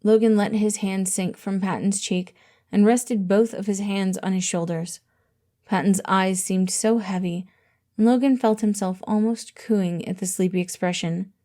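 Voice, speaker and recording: A woman reading fan fiction aloud in a steady, gentle storytelling manner. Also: mid-range voice. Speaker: audiobook reader.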